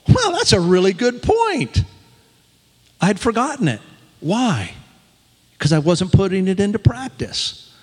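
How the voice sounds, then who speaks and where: Older male pastor, chuckling, folksy delivery, animated pitch, echo of a big room. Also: vocal fry. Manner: folksy, self-deprecating, chuckling. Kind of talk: sermon.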